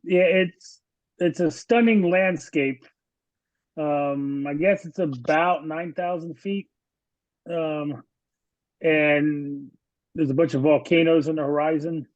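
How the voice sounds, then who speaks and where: Slow-talking man on a dull call line. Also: on the high side, dry recording. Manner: jokey, with long pauses and "um"s. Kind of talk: casual talk. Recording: dull, dry video-call audio.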